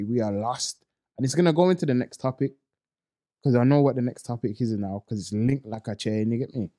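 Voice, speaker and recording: A man ranting bluntly in a casual podcast chat, full of street slang. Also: warm tone. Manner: mocks others in high put-on voices. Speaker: podcast co-host.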